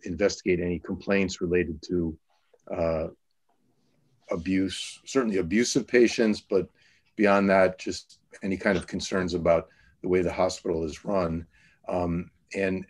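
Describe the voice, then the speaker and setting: A man with a low voice leads an online committee meeting. He talks in loose, halting sentences full of fillers and restarts. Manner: hesitant, many fillers and restarts. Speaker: task force chair.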